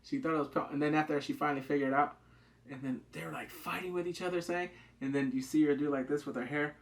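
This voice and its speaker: A man giving a casual, excitable recap of a TV drama, acting out the characters' lines in quick asides. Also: on the high side. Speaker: TV drama reviewer.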